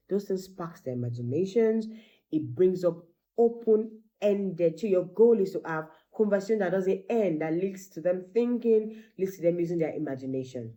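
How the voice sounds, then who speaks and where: A middle-aged woman, a teacher and mother, giving animated parenting advice and acting out bits of dialogue. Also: fairly low pitch, moderate pace. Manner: animated, acts out quoted dialogue.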